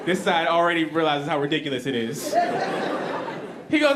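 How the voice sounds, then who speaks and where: A man performing a stand-up routine, telling stories in an animated way and acting out his friends' voices. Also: on the high side, normal speed, long pauses, noisy background. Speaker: stand-up comedian. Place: comedy stage before an audience. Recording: live club with loud crowd laughter.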